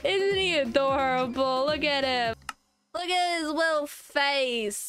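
A young woman with a high, bright-pitched voice narrates her game in an unhurried but excitable way. She is playful and yelps suddenly, and music plays clearly behind her. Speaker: gaming video creator. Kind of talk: Minecraft let's play commentary. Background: background music.

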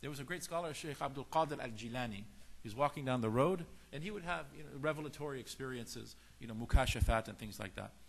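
A man's voice: mid-range voice, quick pace, gravelly. A man giving a lecture on faith in sermon style, telling stories and acting out the lines of the people in them. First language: Farsi speaker. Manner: animated storytelling, acts out dialogue in shifting voices. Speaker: religious teacher.

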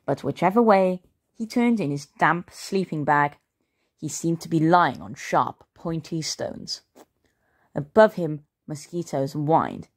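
A woman reading a children's story aloud as a storyteller, expressive and playful. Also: low-pitched, slow pace.

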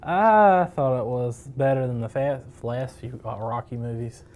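A man's voice: medium pitch, a little slow, a little mellow. A man co-hosting a casual movie podcast, tossing in dry, sarcastic wisecracks. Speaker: podcast co-host.

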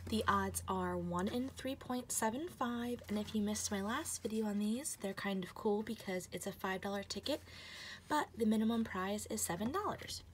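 A woman filming a casual vlog as she plays scratch-off tickets, gasping, laughing and slipping into whispers as she gets excited. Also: medium pitch, a little hiss or hum. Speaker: lottery scratch-off vlogger. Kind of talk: casual chat to camera.

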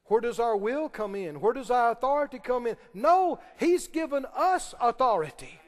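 A man's voice: very high voice, big pitch swings, moderate pace, long reverb tail. A man preaching a sermon, emphatic and firing questions at the congregation. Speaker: pastor.

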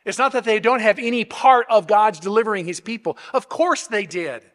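A man's voice: high-pitched, brisk, a bit bright. A man pastor preaching an expository sermon, explaining step by step with rhetorical questions and frequent restarts. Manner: frequent restarts and repeated words. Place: church sanctuary. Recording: long hall reverb.

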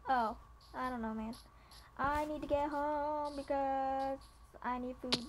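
A chatty young woman with a high voice talks while she plays a game. She is easily distracted and comments on whatever pops up. A faint hiss sits behind her voice. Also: fairly even intonation, slow pace. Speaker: gamer. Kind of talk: casual gaming chat.

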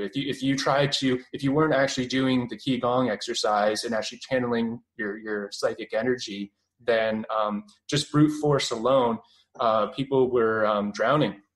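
A man's voice: medium pitch, low-quality recording. Young Canadian man, rambling with fillers. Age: 20s. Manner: rambling, many fillers and restarts. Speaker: guest. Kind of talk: casual radio interview.

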